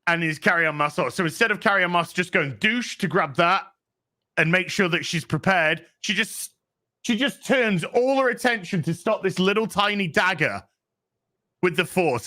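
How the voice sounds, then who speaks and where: A man's voice: a little high, expressive, moderate pace, sharp tone. A man hosting a podcast, ranting casually and sarcastically about a show, swearing a lot and acting out the characters' lines in exasperated voices. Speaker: podcast host. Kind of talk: casual review rant.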